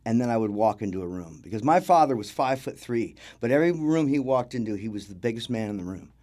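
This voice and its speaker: A man's voice: mid-range voice, expressive, quick pace, a little mellow. A middle-aged man telling stories in a casual interview as a guest, acting out the voices of the people he quotes. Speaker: interview guest, film crew grip.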